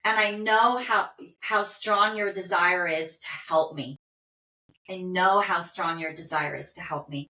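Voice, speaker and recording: A loving, grateful male rescue dog, anxious at heart, speaking slowly and tenderly, as a woman relays him in her own voice. The tone is bright and clear, drawn out at an unhurried pace. Her words ring out in a roomy, echoing space. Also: lowish voice, fairly even intonation. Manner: slow, tender first-person relaying. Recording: roomy echo.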